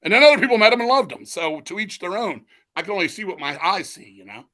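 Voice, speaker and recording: A middle-aged man telling animated, profanity-heavy stories in a casual interview. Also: high voice, quick pace. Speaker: guest musician.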